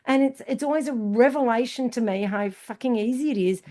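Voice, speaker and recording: Lively woman telling stories. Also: fairly high pitch, fairly quick. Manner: lively storyteller, swears freely, laughs often. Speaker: podcast co-host. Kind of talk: casual chat.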